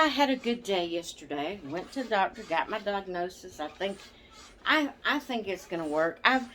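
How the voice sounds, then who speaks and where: A woman's voice: medium pitch, a bit bright, slight background noise. An older woman, chatting casually to her camera in a rambling way, laughing often and correcting herself. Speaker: vlogger.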